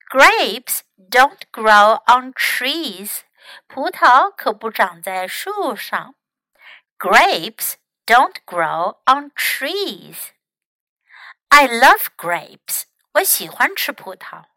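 A woman English teacher whose first language is Chinese, slowly and patiently drilling phrases in a bilingual lesson. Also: on the high side, very animated, sharp tone, no echo, rough recording.

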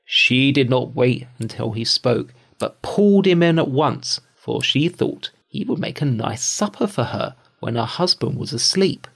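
Slow, gravelly old storyteller man. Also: mid-range voice. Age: older. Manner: calm, measured reading. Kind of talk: bedtime story reading.

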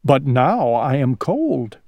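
A man voicing a fussy, easily flustered male owl in a storybook, jumping high when alarmed. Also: very animated, slow, creaky, darkish tone, no room sound, exaggerated voice. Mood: musing. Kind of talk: storybook character voice.

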